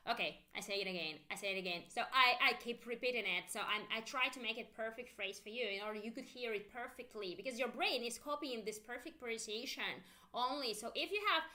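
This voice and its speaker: A woman with a Russian accent teaching a live-streamed English lesson, saying drill phrases slowly for learners to repeat, then explaining at length with restarts. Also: a little high, sharp tone.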